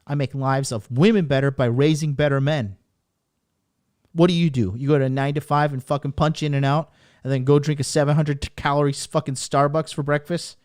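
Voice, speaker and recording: A man's voice: medium pitch, moderate pace, darkish tone, no echo, studio quality. A man hosting a podcast, giving a profane, emphatic motivational rant that hammers the same points over and over. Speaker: podcast host and dating coach.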